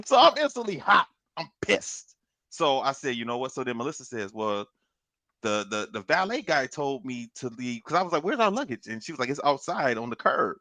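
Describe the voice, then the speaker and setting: A man on a podcast telling a long story in a casual, animated way, swearing and laughing as he goes. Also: mid-range voice, brisk, no echo. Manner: animated, profane, laughs through his story. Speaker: podcast co-host.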